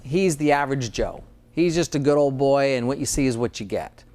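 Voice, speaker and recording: A man's voice: medium pitch, animated, brisk, a little mellow. A dentist in conversation, speaking earnestly and often repeating words as he starts a thought. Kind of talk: conversational interview.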